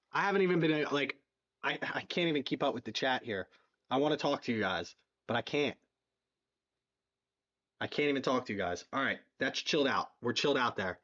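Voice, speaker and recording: Philly-male stream host, excitable, repeats lines, slightly muffled audio. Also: fairly high pitch. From southeastern Pennsylvania. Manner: excitable, repeats himself, reads donations aloud. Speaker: livestream fundraiser host. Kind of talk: live stream chat.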